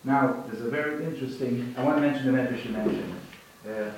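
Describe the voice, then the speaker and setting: A man's voice: mid-range voice, quick pace, background noise. A man teaching a conversational religious class to students, telling parables and often repeating and restarting his phrases. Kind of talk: informal religious lesson with storytelling. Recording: very echoey room, mic far off.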